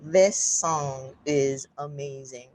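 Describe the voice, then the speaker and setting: A woman's voice: very deep voice, fairly even intonation, slow, a little mellow, a little hiss or hum. A woman co-hosting a podcast, chatting casually and giving upbeat recommendations. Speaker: podcast co-host. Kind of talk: casual chat.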